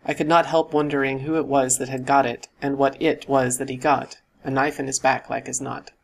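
A man reading a classic novel aloud as an audiobook narrator, in a steady, even storytelling manner. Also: mid-range voice, fairly quick, vocal fry, a little hiss or hum. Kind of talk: scripted narration.

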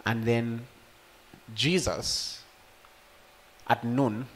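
Bright-voiced man preaching with fervor. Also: medium pitch, fairly even intonation, extremely slow, a little hiss or hum. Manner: preaching with sudden loud emotional peaks; speaks directly to the congregation. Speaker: pastor. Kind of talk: sermon.

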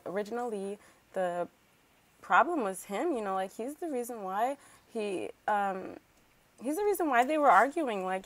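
A woman's voice: medium pitch, no room sound. Chatty woman narrating a life-sim game. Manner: chatty, filler-heavy, rambling asides; animated, talks back to game characters. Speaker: let's play host. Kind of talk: casual gameplay commentary.

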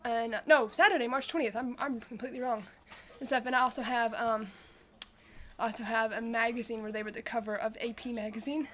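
A woman's voice: a little high, fairly even intonation, brisk, a bit bright, a little hiss or hum. A young woman chatting casually in her bedroom vlog, rambling and gushing like a fan. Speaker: vlogger. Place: bedroom at home.

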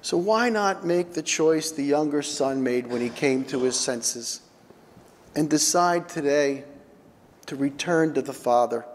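A man's voice: fairly high pitch, lively intonation. A man preaching a sermon as pastor, earnest and emphatic, lifting his voice on key lines. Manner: earnest, slow, rising emphatic delivery. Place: church sanctuary. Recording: long church hall reverb.

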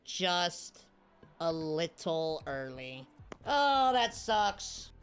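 A woman's voice: on the low side, very slow, smooth, soft background music. A woman giving live video game commentary, cheering and groaning at every play. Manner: excitable, cheers and groans at plays. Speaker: gaming streamer.

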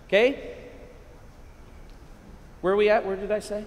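A middle-aged American priest giving an excitable, energetic keynote talk to a men's conference, with sudden loud bursts. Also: male voice, sits high, measured pace. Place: large hall at a conference. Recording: echoey hall, long reverb.

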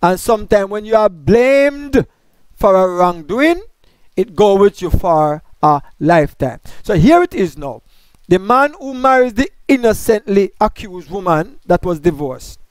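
Male Bible teacher, high smooth voice, dry close sound; lectures by posing and answering his own questions. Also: dry recording. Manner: asks questions and answers them himself; explains grammar point by point.

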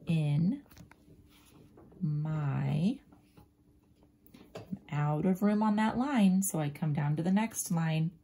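A woman teacher slowly and gently walking young pupils through a writing lesson, often dropping into a soft near-whisper as she draws and spells. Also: sits low, slight background noise. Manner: slow, gentle, talks directly to young pupils. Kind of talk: children's writing lesson, drawing and thinking aloud.

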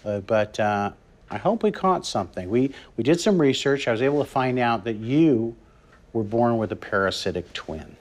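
A man with a mid-pitched voice speaks in a plodding, earnest manner, treating a silly ghost hunt as serious business. His delivery is steady and even. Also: normal speed. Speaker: comic ghost hunter. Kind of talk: improvised comedy sketch.

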